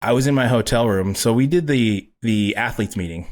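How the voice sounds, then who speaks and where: A man guest on a podcast, telling a story casually, swearing a lot and acting out quotes loudly. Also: mid-range voice, moderate pace. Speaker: podcast guest, pro bodybuilder.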